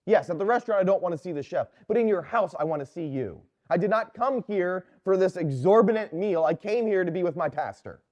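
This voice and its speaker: A woman's voice: mid-range voice, big pitch swings, moderate pace, pauses often, mellow, slightly rough, muffled recording, pitched above the performer's own voice. A man voicing an indignant churchgoing woman who scolds her pastor in an exasperated, insistent way.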